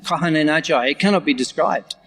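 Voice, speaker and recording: A man giving a scripture class. He reads Bengali verse lines slowly, repeats them, and explains each one in English in an animated way. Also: on the high side, vocal fry, breathy edge. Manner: animated, with occasional laughter. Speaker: scripture lecturer. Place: large temple hall. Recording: long hall reverb.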